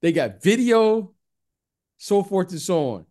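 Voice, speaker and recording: A man in casual sports chat, telling stories with a lively voice and acting out friendly greetings. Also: high-pitched, slow. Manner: animated storyteller, repeats the host's name, acts out friendly greetings.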